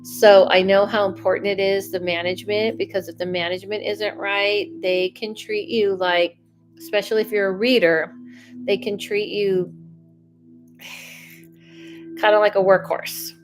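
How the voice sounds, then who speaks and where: A woman's voice: medium pitch, normal speed. Chatty woman medium, faint music behind. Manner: chatty and animated, self-interrupting. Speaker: psychic medium doing live readings. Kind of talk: casual livestream chat.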